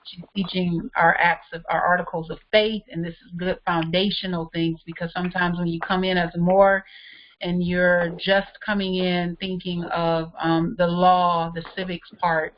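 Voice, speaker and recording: Flat-toned woman welcoming newcomers on a call. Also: fairly low pitch, moderate pace. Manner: encouraging, welcoming. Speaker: participant on a group call. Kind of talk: encouraging remarks on a call. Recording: muffled online call audio with faint noise.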